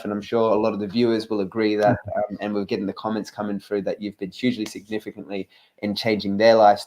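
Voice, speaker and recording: Guy hosting an interview, lowish voice, earnest, says um a lot. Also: a little mellow. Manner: earnest and grateful, many ums and uhs. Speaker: host. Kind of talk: casual interview chat.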